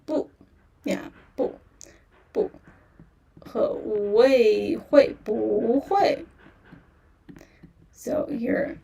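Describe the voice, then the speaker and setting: A woman teaching beginner in a livestream, speaking slowly and patiently, repeating phrases and saying "yeah" often. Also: fairly high pitch, gravelly, dark tone, distant mic. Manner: slow and patient, repeats phrases many times, fillers like "yeah". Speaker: Chinese language teacher. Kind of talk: livestream language lesson.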